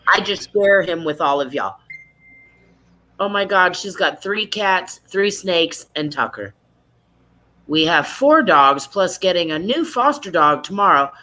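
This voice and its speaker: Woman hosting a group video call, bright voice, chatty and teasing. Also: on the low side, lively intonation, a little slow, poor audio. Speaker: support group host. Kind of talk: casual meeting chat. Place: online video meeting.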